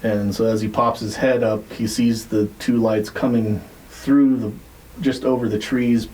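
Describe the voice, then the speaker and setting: A man on a podcast telling a story in a casual, rambling way, swearing freely and filling pauses with "like" and "uh". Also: fairly low pitch, flat delivery, a little mellow, poor audio. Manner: rambling, profane, many fillers. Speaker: podcast co-host.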